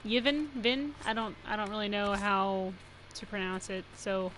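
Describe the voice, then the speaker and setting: A young woman from New Mexico talks her way through a game stream in a loose, rambling way, laughing often and leaning on "like." Her voice is bright and forward. A faint hiss sits under her voice. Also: mid-range voice, little pitch movement, normal speed, low-quality recording. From New Mexico, USA. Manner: chatty, rambling, laughs often, says "like" a lot. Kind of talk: casual live-stream commentary.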